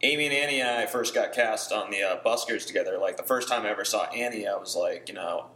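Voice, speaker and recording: A man hosting a podcast in casual chat, rambling and swearing offhandedly, with a gravelly voice. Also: lowish voice, fast, bright, forceful tone, reverberant.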